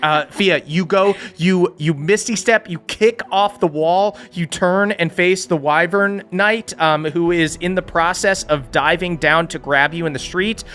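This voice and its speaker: Man, game master, tabletop narration, bright tone, slightly high pitch, casual fillers. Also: measured pace, few pauses. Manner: casual, energetic, filler-heavy.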